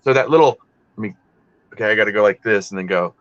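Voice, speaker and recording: A man's voice: lowish voice, fast, a bit bright. A man hosting a live stream, chatting casually and rambling, often breaking off mid-sentence and swearing freely. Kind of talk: casual chat while working. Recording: dull lo-fi stream audio.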